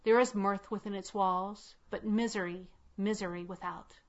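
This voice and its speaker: A woman voicing a sorrowful noble lady who speaks quietly and faintly. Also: mid-range voice, steady tone, normal speed, lightly acted. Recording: slightly muffled lo-fi.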